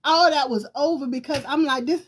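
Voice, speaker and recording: A middle-aged woman from Virginia, a talk show host, telling a personal story to viewers in a lively, emphatic way, often laughing. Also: high-pitched, brisk.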